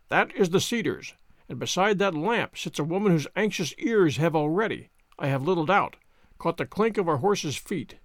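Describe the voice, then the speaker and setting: A man plays a calm, reserved detective, measured and deliberate in every word. The voice sits fairly high for a man and moves freely, recorded close and dry. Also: no room sound.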